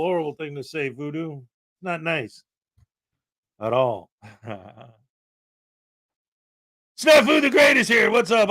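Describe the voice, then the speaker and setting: A man hosting a livestream from his home desk, chatting casually, joking and reading out viewer donations. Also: high voice. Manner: playful, joking, sometimes shouting excitedly. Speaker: livestream host. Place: small crammed home desk setup.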